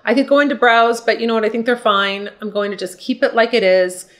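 A woman's voice: on the high side, fairly even intonation, brisk, fairly bright tone. Older lady beauty vlogger, chatty and upbeat, talking viewers through her makeup. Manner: chatty, encouraging, addresses viewers as ladies. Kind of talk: casual makeup tutorial chat.

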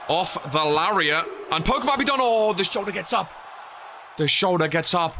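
A young man giving excited play-by-play commentary on a wrestling video game, rising to shouts at near falls. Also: fairly high pitch, a little hiss or hum.

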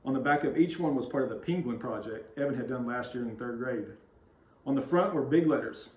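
A man reading a children's chapter book aloud with expressive, animated narration. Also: mid-range voice, a little fast. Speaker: school read-aloud reader. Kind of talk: storybook read-aloud. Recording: roomy sound, mic at a distance.

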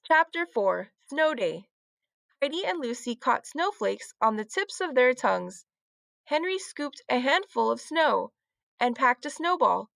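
Expressive woman reading a storybook. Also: sits high, unhurried, gravelly, no echo. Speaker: teacher reading aloud. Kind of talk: children's book read-aloud.

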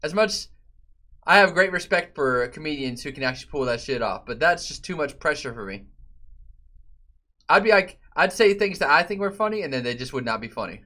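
A man streaming a game and chatting loosely with his viewers, profane and given to sudden loud outbursts. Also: a little high, animated, fairly quick. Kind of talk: casual live-stream chat.

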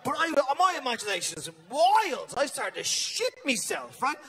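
A man with an Irish accent doing loud, animated stand-up storytelling on stage, swearing freely. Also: very high voice, normal speed, slight background noise. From Ireland. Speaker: stand-up comedian. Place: live comedy venue on stage.

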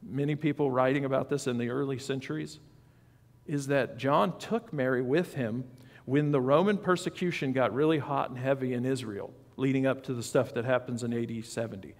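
A man's voice: medium pitch, steady tone, brisk, long reverb tail. A man preaching a sermon as pastor, in a conversational style with asides and questions to the congregation. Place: church sanctuary.

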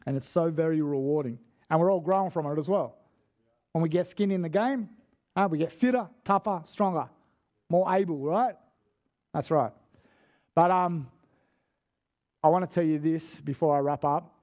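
A man gives a sermon in a church, his voice sitting a little high. He tells stories in a loose, chatty way, full of slang and false starts. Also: moderate pace, long pauses, a little mellow. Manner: chatty, slangy, restarts often. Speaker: guest preacher. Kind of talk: casual sermon storytelling.

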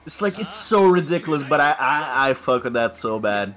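A man's voice: mid-range voice, big pitch swings, moderate pace, a bit bright, soft background music. A man chatting casually during a game stream, playful, swearing and laughing. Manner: playful, swears and laughs, quotes in silly voices. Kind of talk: casual gameplay chat.

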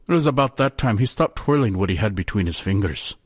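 A man narrates a first-person Renaissance-faire tale, slipping into faux-old dialect with aye and me. His voice is husky and lowish, with a lively, swinging pitch. The recording is dry and close. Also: fast, few pauses, no echo. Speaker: storyteller.

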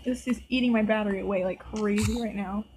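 A woman's voice: mid-range voice, steady tone, fast talker, a little mellow, a little hiss or hum, rough recording. A woman hosting a gameplay video, giving casual, nervous commentary and talking to the game characters as she plays. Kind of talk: casual let's-play commentary.

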